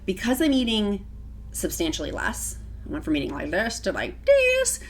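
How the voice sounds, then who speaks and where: A woman's voice: medium pitch, wildly swooping pitch, normal speed. A middle-aged woman vlogging to camera in a casual, emotional, gushing way, often close to tears. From Virginia, United States.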